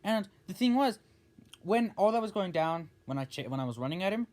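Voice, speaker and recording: A young man telling a story on his vlog in a casual, rambling way, full of restarts and animated outbursts. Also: sits high, brisk. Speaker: vlogger.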